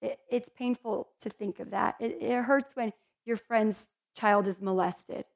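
A woman's voice: fairly high pitch, steady tone, unhurried, gravelly. A woman giving a conversational Bible teaching in an earnest, heartfelt way, with chatty asides to her listeners.

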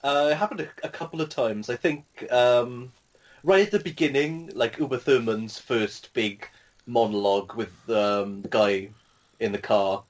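A man's voice: medium pitch, measured pace. A man casually talking about a film in a hesitant, rambling way, with many fillers. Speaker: podcast co-host.

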